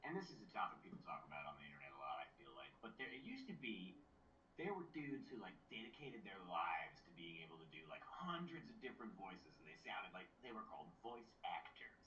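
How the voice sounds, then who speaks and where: A man co-hosting a podcast in casual chat, rambling and animated. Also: deep voice, fast, slight background noise. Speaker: podcast co-host. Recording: dull, roomy, far from mic.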